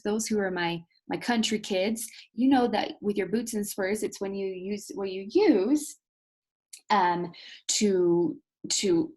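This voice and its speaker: A woman teacher giving a recorded video lesson, patiently explaining things and talking straight to her students, with expressive storytelling emphasis. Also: medium pitch, breathy edge.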